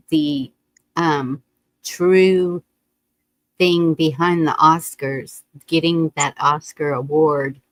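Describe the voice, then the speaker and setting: Deep, slow-speaking woman. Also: no echo, low-quality recording. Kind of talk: casual group chat.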